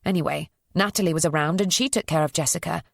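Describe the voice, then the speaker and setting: A woman reading a psychological thriller as an audiobook narrator, in an even, measured storytelling voice. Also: low-pitched, vocal fry, no echo.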